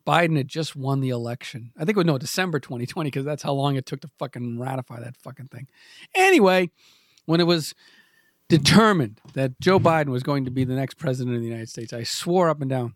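A man's voice: mid-range voice, brisk, no echo, clean studio sound. A man in his forties hosting a comedy podcast, rambling and self-mocking, trailing off into stammered restarts. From New England. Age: 40s. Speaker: podcast host.

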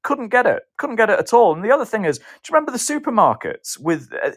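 A man, a guest on a casual panel discussion, talking in an animated, sardonic way. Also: sits high, fast talker. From Britain.

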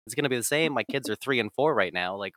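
A man in his late twenties tells a story in relaxed chat with a chuckle in it. His voice is bright, and the sound is dry. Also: mid-range voice, fast, no echo. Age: 20s. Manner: relaxed, chuckling while telling. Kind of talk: casual chat.

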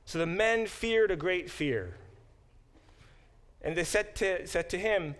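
A man's voice: on the high side, expressive, slow pace. Bible professor, man, middle-aged, easygoing explainer in class. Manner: conversational, explains terms step by step. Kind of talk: classroom lecture.

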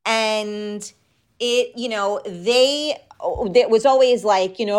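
A woman's voice: medium pitch, slow, darkish tone, clean tone. A woman in her thirties from the Bronx with a New York accent, hosting a live show in frank, casual chat and answering viewer comments.

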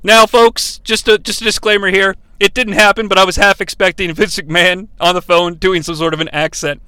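High bright-voiced male podcast host. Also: little pitch movement, a little fast, clear, resonant tone, no echo. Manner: wry, chuckling asides to listeners. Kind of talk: casual recap of an old wrestling broadcast.

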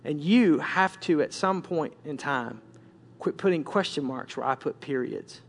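A preacher voicing God as a stern, quiet, measured inner voice. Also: male voice, on the high side, lively intonation, pitched below the performer's own voice. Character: God as a stern still small voice.

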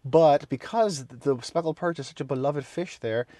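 A man from the American Midwest co-hosting a podcast in casual chat, rambling with halting restarts. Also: a little high, mellow, no echo. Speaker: podcast co-host. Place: Florida.

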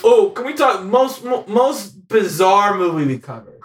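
A man with a fairly high voice co-hosts a casual movie podcast. He talks in an animated, chatty way and often breaks into laughter. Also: measured pace, a little hiss or hum. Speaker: podcast co-host. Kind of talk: casual film podcast chat.

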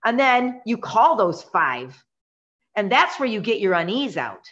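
A middle-aged woman, a real estate coach and podcast co-host, telling a story with animated, dramatic energy and acting out quotes. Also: medium pitch, measured pace. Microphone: remote call connection. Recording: dull lo-fi internet call audio.

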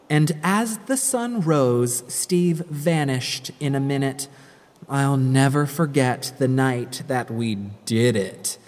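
A woman's voice: rumbling low, slow pace, darkish tone. A woman reading a rhyming spooky story with a dramatic, sing-song delivery. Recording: long hall-like reverb.

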